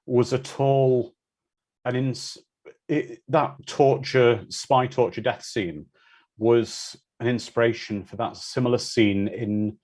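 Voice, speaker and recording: A man's voice: medium pitch, steady tone, slow, a little mellow. A man hosting a live watch-party commentary, chatting casually and answering viewer comments.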